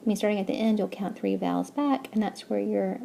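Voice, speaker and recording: A woman's voice: mid-range voice, fairly even intonation, a little fast, gravelly, dark tone, a little hiss or hum. A woman teaching a recorded language lesson, explaining step by step with patience and checking in with "okay?". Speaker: Spanish teacher.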